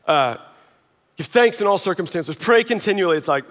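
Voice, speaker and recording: Animated male pastor in a hall. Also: sits high, moderate pace. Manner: conversational, animated, drops to quiet intensity. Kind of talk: sermon.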